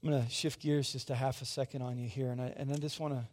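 A man's voice: mid-range voice, little pitch movement, fast, a little mellow. A man in his forties preaching a sermon as pastor, conversational and often asking the congregation questions. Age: 40s. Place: church sanctuary.

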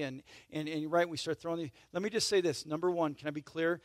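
A man's voice: a little high, fast talker, hardly any pauses, dry recording. Emphatic preaching man, dry close sound. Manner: conversational preaching, frequent "right?" and "okay?" check-ins; emphatic swells in volume, then drops to soft intimate asides. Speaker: pastor. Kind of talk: sermon.

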